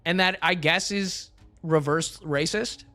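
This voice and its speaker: High-voiced man rambling casually on stream. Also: slow, pushed and bright, soft background music. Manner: rambling, joking, answers chat, many fillers.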